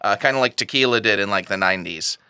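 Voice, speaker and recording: A man's voice: fairly low pitch, fast talker, pushed and bright, slight background noise. A man on a podcast explaining spirits terms in an informative, casual way. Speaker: spirits expert guest. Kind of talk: casual chat.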